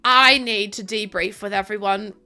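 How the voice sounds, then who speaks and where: A woman's voice: mid-range voice, steady tone, normal speed, bright, forceful tone, faint music behind. A young woman streaming a game, chatting casually with her chat, thanking viewers and laughing often.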